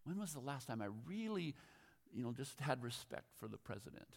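A man's voice: mid-range voice, very animated, fairly quick, vocal fry, in a large hall. A middle-aged man preaching a conversational, self-deprecating sermon in a church, often laughing at himself. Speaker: pastor. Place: church sanctuary.

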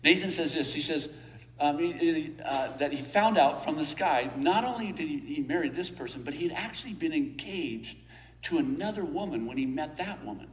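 A man pastor giving a sermon in a church hall, telling a story with frequent chuckles and then praying slowly and earnestly. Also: fairly high pitch, animated, a little hiss or hum.

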